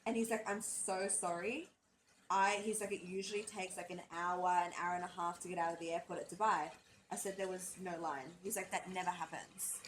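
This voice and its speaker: A woman's voice: fairly low pitch, a little fast, slight background noise, poor audio. Young woman telling a story, lots of swearing. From Australia. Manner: animated storyteller, swears often, acts out quotes. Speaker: podcast co-host. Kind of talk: casual chat, storytelling.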